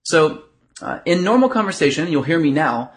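A man teaching in an instructional video, moving between a bright conversational voice and a lower, softer chest voice, with frequent "uh" fillers. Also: big pitch swings, moderate pace. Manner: shifts between a bright throat voice and a low, soft chest voice; earnest, explanatory, with filler words. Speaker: dating coach.

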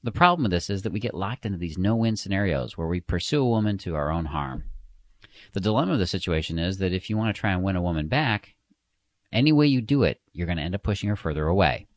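A man with a very low voice reads scripted advice in an emphatic, direct, motivational manner. His pitch moves a great deal, pushing his points home with lively swings. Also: quick pace, no echo. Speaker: dating advice coach. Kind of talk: scripted instructional narration.

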